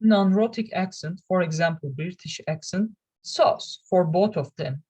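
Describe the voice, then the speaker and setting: A young woman whose first language is Turkish, presenting a class lesson in a careful, halting way with frequent restarts. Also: lowish voice, dark tone, breathy edge, low-quality recording. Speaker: student presenter.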